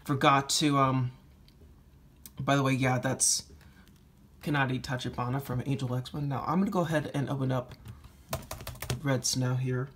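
A man giving casual commentary while demoing phone hacks, rambling and profane, quick to blow up into shouting. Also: medium pitch, flat delivery, a little hiss or hum. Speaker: iPhone jailbreak tinkerer. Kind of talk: casual screen demo commentary.

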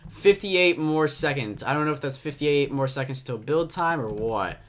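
A young man giving excitable, jumpy commentary on a game, with a slight cough and frequent yelps and laughs. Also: fairly high pitch, normal speed, slight background noise. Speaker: gaming commentator. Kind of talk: casual Minecraft gameplay commentary.

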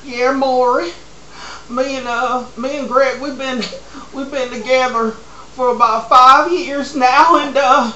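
A man's voice: steady tone, slow, sharp tone, muffled recording, slight background noise, exaggerated voice. A man voicing a desperate young woman guest on a talk show, crying and wailing her confession. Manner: wailing, crying high-pitched pleas. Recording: roomy echo.

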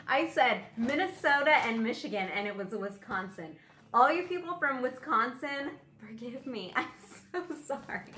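A woman's voice: a little high, bright, forceful tone, a little hiss or hum. A middle-aged woman chatting casually as she opens a pack, rambling and easily amused. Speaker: vlogger. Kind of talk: casual chat while unboxing. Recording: roomy echo, faint music behind.

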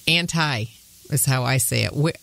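A woman in her thirties from Michigan hosts a podcast, speaking at a moderate pace in a low, fairly bright voice with lively intonation. Her Midwestern accent carries a touch of Southern, and she chats in a homey, casual way, laughing often.

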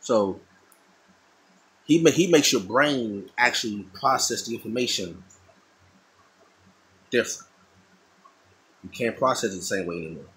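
A man's voice: on the low side, lively intonation, a little slow, long pauses, fairly bright tone, low-quality recording. A middle-aged man talking casually and thoughtfully, often repeating and restarting his phrases. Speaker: artist talking while drawing. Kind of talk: casual monologue.

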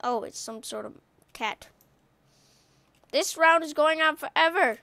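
A woman giving excited gaming commentary as a YouTuber, trash-talking playfully with loud outbursts. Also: high-pitched, unhurried, creaky, no echo.

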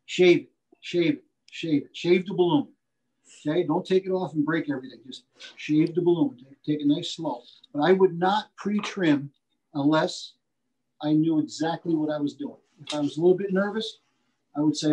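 A man's voice: a little high, moderate pace, darkish tone, poor audio. A man giving a live butchery demonstration, folksy and repetitive, punching key points and checking in with "okay?". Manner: folksy, repeats himself, asks "okay?" often. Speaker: butcher instructor.

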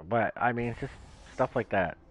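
A man hosting a gaming channel, chatting casually and telling rambling, animated stories. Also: mid-range voice, moderate pace. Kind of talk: casual chat while gaming. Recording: dull lo-fi voice chat.

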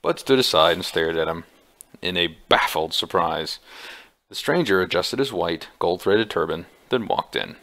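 Deep gravelly man reading a book aloud. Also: lively intonation, normal speed, fairly bright tone. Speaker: audiobook reader. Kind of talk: amateur audiobook reading.

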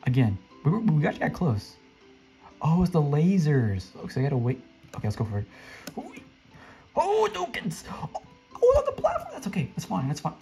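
Woman gamer host, very deep voice, dark tone, excitable running commentary, lively swings in pitch. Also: fast, faint music behind. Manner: excitable, talks to other players, squeals high when jumping. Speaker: gaming channel host. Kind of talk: casual gameplay commentary.

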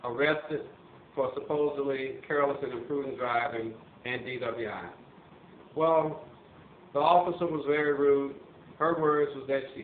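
An older man, a retired police officer from Missouri, telling stories in a halting casual way with many fillers and restarts. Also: medium pitch, slight background noise. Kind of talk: casual storytelling monologue. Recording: tinny phone-like line, roomy echo.

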